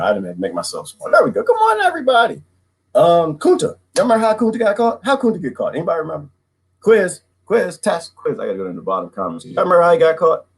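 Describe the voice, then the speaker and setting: Husky middle-aged man, casual vlog monologue, very lively pitch. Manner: animated, laughing, jumps to high excited pitch. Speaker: vlogger.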